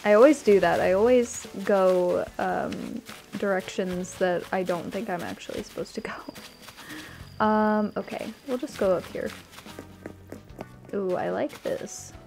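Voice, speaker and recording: Slow-talking woman gushing over a game island. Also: medium pitch, creaky, darkish tone, faint music behind. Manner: gushing, easily delighted, chatty. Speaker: streamer touring a game island. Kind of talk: casual gameplay commentary.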